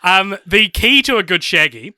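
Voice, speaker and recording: A man's voice: high-pitched, lively intonation, normal speed, sharp tone. A playful man co-hosting a podcast in casual chat, laughing often. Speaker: podcast co-host.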